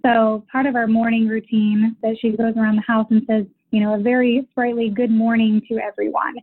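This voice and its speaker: A woman's voice: on the high side, level tone, fairly quick. A mother calling in to a parenting show, explaining things thoughtfully and at length. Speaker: caller, military mother. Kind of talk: casual consultation call. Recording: tinny phone line.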